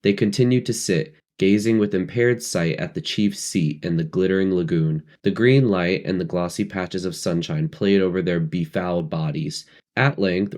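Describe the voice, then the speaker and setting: A man narrating a novel with a low, mellow voice. He reads at a measured, even pace. The delivery is calm and steady. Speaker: reader. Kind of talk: storybook narration.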